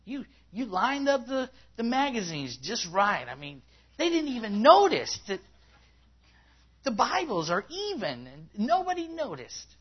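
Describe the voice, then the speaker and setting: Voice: medium pitch, wildly swooping pitch, normal speed, hardly any pauses, husky. A preacher voicing a whiny, self-pitying churchgoer who complains nobody notices the work, in a dull lo-fi recording. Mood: whining.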